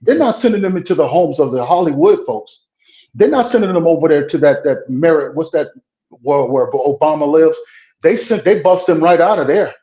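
A blunt, plain-spoken man sits for a political interview, talking frankly and tripping over fillers as he pushes his points. His voice sits a little high for a man. The audio is roomy and echoey, with a dull, lo-fi edge. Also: lively intonation, normal speed, mellow. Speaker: pastor and congressional candidate.

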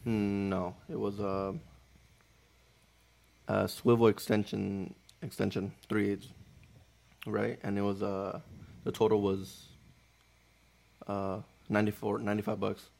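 A man with a low, gravelly voice tells stories in casual podcast chat. His talk is slangy and laced with cursing. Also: flat delivery, unhurried, long pauses, darkish tone. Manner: slangy, profane storytelling. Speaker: podcast co-host.

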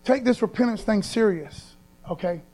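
A man's voice: high-pitched, moderate pace, mellow, faint music behind, rough recording. A man preaching a sermon as pastor, in a folksy, conversational way, reading scripture with emphasis.

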